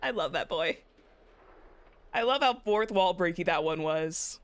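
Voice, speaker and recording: A young woman with a lowish, expressive voice speaks at a measured pace in a dry recording. As a VTuber streaming a game, she chats playfully, giggles, and reads the story dialogue aloud.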